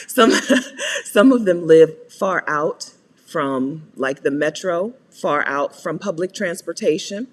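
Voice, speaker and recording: American woman host for live Q&A, animated pitch, talks in a hall with long reverb, laughs often. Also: breathy edge. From United States. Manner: chatty, laughs often, greets viewers by name. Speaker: host answering viewer questions. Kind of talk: live Q&A chat.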